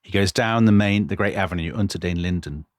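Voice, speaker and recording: A man co-hosting a podcast, telling history in a lively conversational way and acting out quoted lines. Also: sits low, brisk, no echo, clean studio sound. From Britain. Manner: animated, dramatizing quotes with voice changes. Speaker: podcast co-host.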